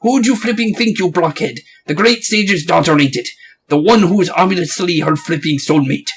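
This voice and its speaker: A man's voice: on the high side, normal speed, breathy edge. A man voicing a chatty, cheeky male fairy companion, full of blunt, folksy slang, in a game playthrough.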